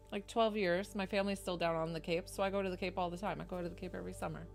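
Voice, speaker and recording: A woman's voice: lowish voice, fairly even intonation, very fast, creaky, hardly any pauses, soft background music. A woman from New York doing a chatty, effusive psychic reading on a live stream. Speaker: psychic medium.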